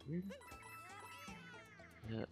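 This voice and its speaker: A man commentating his gameplay, muttering to himself between loud, swearing outbursts, a little tired. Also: extremely slow, lo-fi sound. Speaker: gaming video host. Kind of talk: let's play commentary. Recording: faint game music behind.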